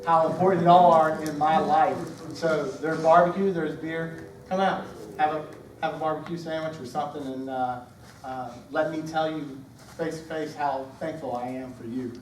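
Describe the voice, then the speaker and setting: A man in his forties from Georgia with a Southern accent gives a halting, emotional retirement speech, full of fillers and restarts. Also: a little high, steady tone, slight background noise. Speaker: retiring Air Force senior NCO. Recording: echoey room, mic from far off.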